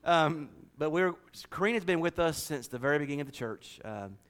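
A pastor talks to his church in a folksy, joking way, full of asides and small talk. His voice sits a little high for a man. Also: lively intonation, a little fast, fairly bright tone. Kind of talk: sermon with church announcements.

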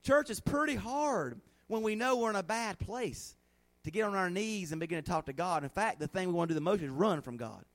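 A middle-aged man preaching a sermon in a folksy, animated way, acting out little scenes in a hushed voice. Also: high voice, fairly quick. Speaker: pastor.

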